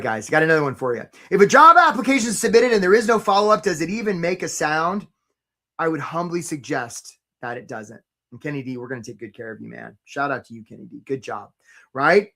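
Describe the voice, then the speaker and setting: A man hosting a live career webinar, coaching casually with jokes and giving shout-outs to viewers by name. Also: fairly high pitch. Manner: energetic and joking, breaks into short mocking impressions of job seekers.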